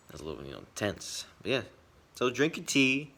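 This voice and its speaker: A man giving earnest personal commentary, swinging between quick bursts and quiet, reflective asides. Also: medium pitch, sing-song, vocal fry. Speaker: video essayist.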